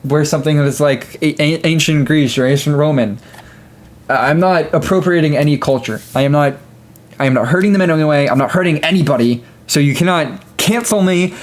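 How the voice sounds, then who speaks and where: A young man vents to his audience in a loose, rambling rant. His voice sits a little high, and he stumbles through fillers and restarts, breaking off into short laughing asides. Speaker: gaming video creator. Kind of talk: casual rant to camera.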